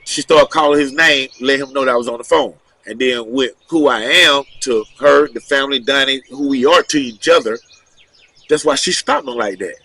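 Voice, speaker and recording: A man telling a long personal story in a casual interview, animated and loose, with many asides and acted-out quotes. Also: mid-range voice, normal speed, breathy edge. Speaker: guest storyteller.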